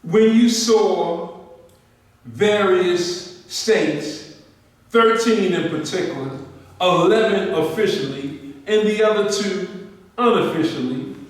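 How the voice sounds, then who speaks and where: High-voiced man lecturing in echoey hall. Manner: questioning, emphatic, repeats points. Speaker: history speaker. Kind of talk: lecture to a group. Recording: echoey room, distant mic.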